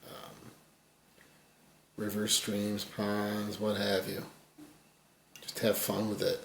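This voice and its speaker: A man giving a casual fly tying tutorial, rambling and folksy, his voice often dropping quiet as he works. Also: lowish voice, monotone, slow pace, vocal fry, echoey room, slight background noise.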